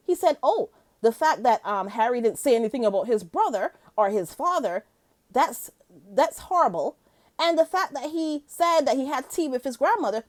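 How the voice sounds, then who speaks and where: A woman's voice: on the high side, darkish tone. A woman giving casual reaction commentary on a vlog, chatty and exasperated in tone, laughing often and firing off rhetorical questions. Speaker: vlogger.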